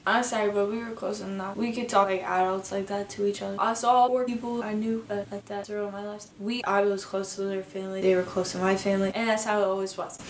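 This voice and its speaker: A woman's voice: mid-range voice, flat delivery, quick pace, hardly any pauses, reverberant, a little hiss or hum. A young woman vlogger telling a storytime in a rambling, emotional way, full of "like". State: shaky. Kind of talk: storytime vlog. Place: apartment room. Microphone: camera mic.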